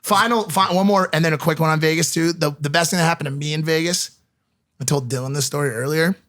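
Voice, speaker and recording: A man's voice: on the high side, quick pace, a bit bright. A man co-hosting a podcast, telling stories casually with lots of swearing and acted-out quotes. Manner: swears a lot, acts out quotes. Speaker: podcast co-host.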